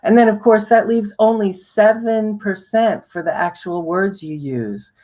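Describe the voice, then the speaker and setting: A woman originally from New York, coaching viewers on presenting, with big upward pitch swings for emphasis and frequent rhetorical questions. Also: unhurried, warm tone. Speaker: guest speaker on sales presentations.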